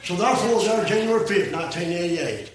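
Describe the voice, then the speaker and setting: An older man preaches in a high, ringing voice, jumping from shouts to hushed, folksy asides. He sounds set back from the microphone in a very echoey hall. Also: a little fast, a little hiss or hum. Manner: swings between shouted peaks and low, quiet asides; folksy plain-spoken preaching. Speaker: preacher giving his testimony. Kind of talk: fiery sermon. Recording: echoey room, voice from a distance.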